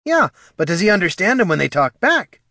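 Excitable old halfling man, voiced by a male narrator, high and blunt, for a read-aloud fantasy tale. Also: a little fast, no room sound, studio quality, full character voice. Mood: startled.

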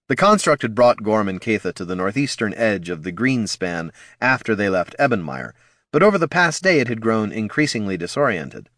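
A man narrating a fantasy story in a steady, expressive audiobook style. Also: on the low side, dry recording, studio quality.

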